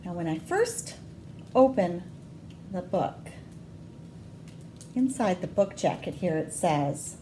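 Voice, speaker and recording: Woman, children's librarian, storytime read-aloud: slow, sing-song, expressive, with roomy echo. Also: medium pitch, slight background noise.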